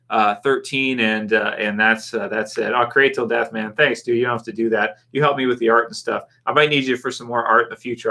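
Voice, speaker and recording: A man's voice: medium pitch, bright, forceful tone. Chatty Canadian man on a live stream. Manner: rambling, chuckling, talks back to chat comments. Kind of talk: casual live stream chat reading viewer comments.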